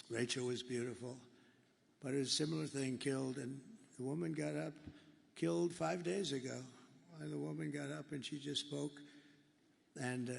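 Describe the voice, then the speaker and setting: A political candidate gives a rambling, emphatic rally speech in a large hall, repeating himself for effect. His mid-range voice has vocal fry, and the recording is echoey with faint ambience.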